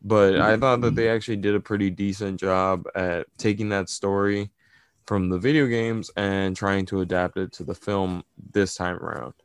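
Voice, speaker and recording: Male podcast co-host, low and smooth voice, laid-back joking delivery. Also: moderate pace, no room sound. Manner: relaxed, joking, filler-heavy. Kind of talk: casual movie review chat.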